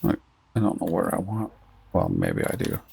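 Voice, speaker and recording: A man talks to himself as he plays, his low voice heavy with gravel. He sounds husky and worn, like he is losing his voice, and his commentary wanders from one thought to the next. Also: huge pitch swings, moderate pace, dark tone. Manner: rambling, thinking aloud while playing. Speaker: gaming streamer. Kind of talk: casual gameplay commentary.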